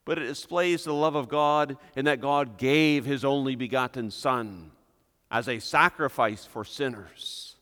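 A man preaching a sermon as pastor, deliberate and emphatic, pressing on key words. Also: mid-range voice, a bit bright. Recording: long reverb of a church hall.

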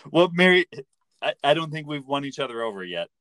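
A man's voice: on the high side, sing-song, fairly quick, sharp tone, no echo. A man hosting a podcast, chatting casually with wry, playful, mock-serious humor. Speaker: podcast host. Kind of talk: casual chat recapping a TV episode.

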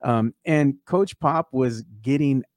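A man hosting a laid-back sports talk show, chatting in a loose, filler-heavy way. His voice sits at an ordinary male pitch. The sound is dry and close, with no room around it. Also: slow, darkish tone, no echo. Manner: conversational, many fillers, reads fan posts aloud. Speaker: podcast host.

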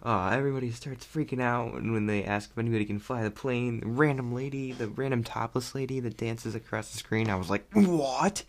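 A young man chatting casually about a movie he loved, rambling and excitable and laughing often. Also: mid-range voice, fairly quick, hardly any pauses. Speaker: vlogger reviewing a movie. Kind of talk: casual chat.

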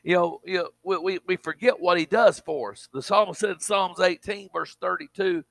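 A man preaching, his voice somewhat high and tense with force. He talks emphatically and folksily to the congregation. The sound is close and dry. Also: normal speed, creaky, a bit bright, no echo. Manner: emphatic, with colloquial asides to the congregation. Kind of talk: sermon.

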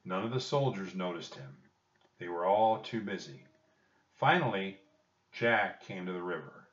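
Low-voiced man reading a children's book. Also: measured pace. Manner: expressive storytelling with a lively tone. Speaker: audiobook reader. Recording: distant roomy dull home recording.

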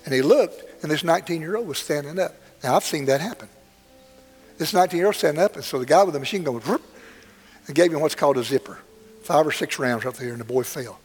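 A man's voice: fairly high pitch, fast, a little mellow, breathy edge. An older man preaching a sermon, telling a story in a plainspoken, earnest way that swells dramatically. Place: church sanctuary. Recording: long hall reverb, faint music.

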